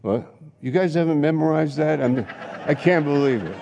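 A man preaching a sermon in a church, emphatic, with sudden loud rises and repeated phrases. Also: on the high side, lively intonation, normal speed, vocal fry, in a large hall, lo-fi sound, slight background noise. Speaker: pastor.

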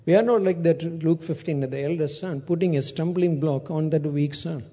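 A man's voice: on the high side, normal speed, warm tone. A man preaching a sermon, retelling a parable with acted-out dialogue and frequent restarts.

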